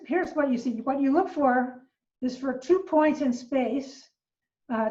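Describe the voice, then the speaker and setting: An older woman, an astronomy professor, gives an informal online science lecture, patiently explaining and pausing on fillers as she works through each idea. Her slightly high, a little mellow voice sounds set back and distant from the mic in a roomy living room. The recording is somewhat dull and muffled.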